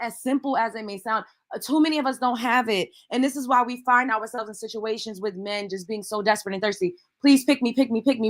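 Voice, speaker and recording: A woman's voice: medium pitch, a bit bright. Emphatic preachy woman commentator. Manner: preachy, emphatic, swears freely. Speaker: commentary host. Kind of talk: reaction commentary.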